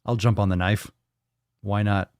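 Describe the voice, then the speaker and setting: A man, hardly changing his low voice, puts on a slacker silent letter K, a male character who lounges about and talks back with a cocky, profane drawl. The sound is dry and close. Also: steady tone, a little slow, darkish tone, no echo. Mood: lazy, cocky. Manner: laid-back, swaggering, profane.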